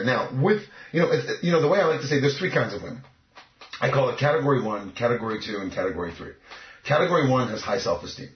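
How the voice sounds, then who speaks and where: A man talking as a dating coach in an interview, cocky and emphatic. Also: mid-range voice. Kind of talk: casual interview talk. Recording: echoey, muffled lo-fi recording.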